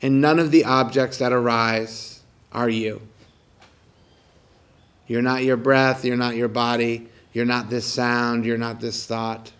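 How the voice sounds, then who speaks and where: A man of ordinary pitch guides a mindfulness meditation at an easy, unhurried pace. His manner is calm and gentle, and he returns again and again to soft questions. He speaks outdoors during a morning walk. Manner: asks soft repeated questions. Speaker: meditation teacher.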